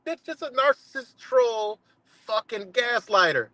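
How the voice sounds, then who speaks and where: A man with a high voice hosts his livestream in a heated, profane rant, mocking and cursing at someone. The sound is dry and close, with no room around it. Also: expressive, normal speed, a bit bright, no room sound. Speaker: livestream host.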